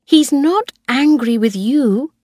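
A woman voicing a kind old housekeeper who speaks quietly, in a storybook reading. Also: high voice, animated, slow pace, no echo, clean studio sound, pitched above the performer's own voice, full character voice. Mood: confiding. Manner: quiet and confiding.

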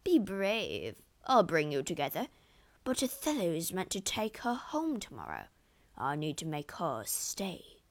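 A woman's voice: fairly low pitch, wildly swooping pitch, unhurried, full character voice. A woman voicing a cold, scheming male villain who talks slyly. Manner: cold, sly.

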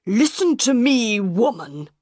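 A woman's voice: a little high, sing-song, slow pace, no room sound, studio quality, pitched above the performer's own voice, full character voice. A woman reading the part of an angry, stubborn man who runs an opera house. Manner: indignant, forceful.

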